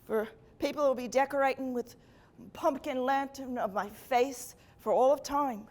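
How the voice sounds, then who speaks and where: A woman voicing a stingy, smug male trickster in a put-on Irish accent, talking low and sly. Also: normal speed, darkish tone, natural voice.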